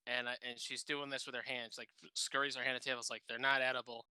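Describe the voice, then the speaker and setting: Bright, joking, foul-mouthed man. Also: mid-range voice, level tone, quick pace, clear, resonant tone, no room sound. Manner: profane, joking storyteller who acts out quotes. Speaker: podcast co-host. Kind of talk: casual chat.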